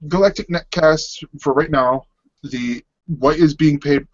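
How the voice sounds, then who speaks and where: A man's voice: fairly high pitch, unhurried, no echo. A man co-hosting a casual podcast, rambling and restarting his sentences, laughing easily. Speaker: podcast co-host. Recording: dull lo-fi dry sound.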